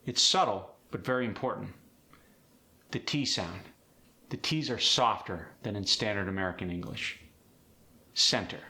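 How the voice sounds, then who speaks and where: Bright-voiced male accent coach. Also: lowish voice, animated, moderate pace. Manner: clear, instructive, demonstrates sounds. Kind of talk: accent tutorial.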